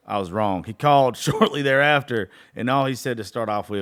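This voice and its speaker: A man's voice: mid-range voice, brisk, few pauses, a bit bright, clean tone. A man hosting a podcast, telling a story in a loose, rambling way, swearing freely and using lots of fillers. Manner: profane, rambling, with many fillers. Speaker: podcast host. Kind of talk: casual storytelling monologue.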